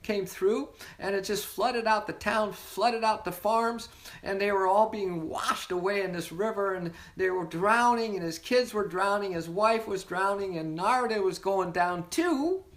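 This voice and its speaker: The leader of an online spiritual sobriety meeting, giving an inspirational talk with storytelling in a warm-hearted, playful, rambling way that often repeats words. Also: mid-range voice, a little slow.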